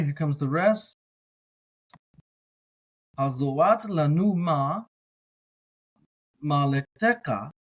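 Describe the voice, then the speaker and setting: A man teaching as he reads a text slowly, word by word, repeating each word patiently. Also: on the high side. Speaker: biblical language teacher. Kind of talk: slow word-by-word reading lesson.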